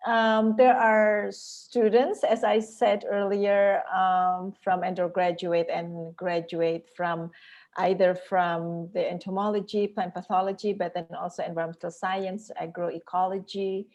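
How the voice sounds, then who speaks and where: A woman's voice: fairly low pitch, level tone, a little slow. A woman moderating a lecture Q&A over a video call, with lots of laughter and fillers. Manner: warm praise, frequent laughter, many fillers. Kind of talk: hosting an online lecture Q&A.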